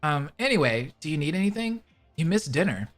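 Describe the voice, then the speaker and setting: A man's voice: fairly high pitch, big pitch swings, fairly quick, fairly bright tone, soft background music. A man voicing a motherly older woman who dotes on others and gets overexcited, as he reads a story aloud. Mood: doting. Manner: doting, overexcitable. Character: warm, motherly older woman who calls everyone sugar.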